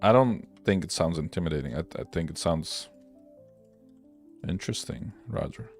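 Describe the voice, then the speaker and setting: A man with a deep, low voice rambles through casual, opinionated livestream chatter, swearing freely as he goes. Faint music plays underneath. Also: animated, moderate pace, darkish tone. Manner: rambling, profane, loose and opinionated. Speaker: livestream host. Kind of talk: casual livestream chat while working.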